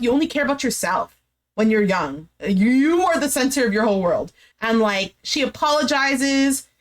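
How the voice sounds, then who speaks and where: A woman giving a chatty, opinionated recap of a reality show, full of slang and fillers. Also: fairly high pitch. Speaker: recap vlogger.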